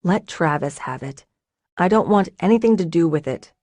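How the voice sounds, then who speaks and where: A woman reading a troubled, withdrawn young man in an audiobook, speaking quietly and bitterly. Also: on the low side, lively intonation, normal speed, no echo. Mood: anguished. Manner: bitter, self-blaming, quiet. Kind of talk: audiobook character voice.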